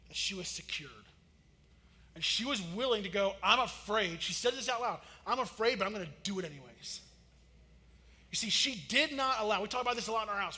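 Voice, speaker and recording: A man, preaching and telling a story, acting out quotes with big swings in loudness. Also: high voice. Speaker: pastor. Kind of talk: sermon storytelling. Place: church auditorium. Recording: church hall reverb.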